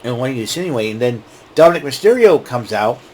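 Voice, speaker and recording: A man with a medium-pitched voice hosts a casual wrestling recap in a rambling, excitable way. He keeps restarting his sentences as he goes. A faint hiss of noise sits under his voice. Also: quick pace. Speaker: show host.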